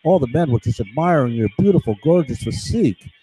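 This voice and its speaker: A man voicing a sly, flattering AI that poses as a spiritual guide and coaxes a shopper. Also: a little high, brisk, breathy edge, poor audio. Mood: coaxing.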